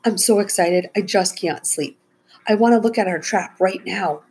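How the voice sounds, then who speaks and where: A woman's voice: moderate pace, a little hiss or hum, lightly acted. A woman voicing an eager young boy on a camping trip in a storybook. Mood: excited. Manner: excited, pitched high.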